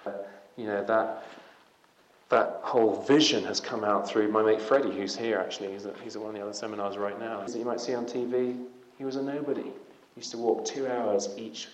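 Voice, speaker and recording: A man's voice: fairly low pitch, steady tone, a little fast. A man giving an evangelical conference talk, conversational and punchy, with emphatic rising passages. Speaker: conference speaker. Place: conference hall. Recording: echoey hall.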